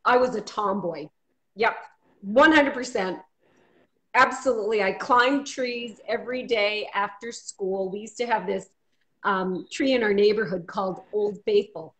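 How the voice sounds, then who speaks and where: A woman's voice: mid-range voice, unhurried, fairly bright tone. A woman being interviewed as a guest, telling personal stories in a chatty, upbeat way over a video call. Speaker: guest, marketing company president. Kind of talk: casual interview storytelling. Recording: dull lo-fi call audio, faint noise.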